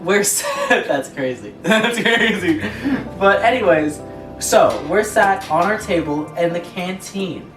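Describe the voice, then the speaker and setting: A young co-host with a voice on the low side reads online stories aloud at a slow, animated pace, giggling and often laughing as she goes. The casual chat is recorded in an echoey space, far from the mic, with music behind.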